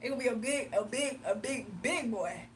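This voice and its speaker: Young woman, livestream host, high voice, teasing and giggly, slightly off-mic. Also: lively intonation, brisk, distant mic, slight background noise. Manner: playful, teasing, laughs often, mimics commenters in a deep voice. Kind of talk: casual livestream chat, reading comments.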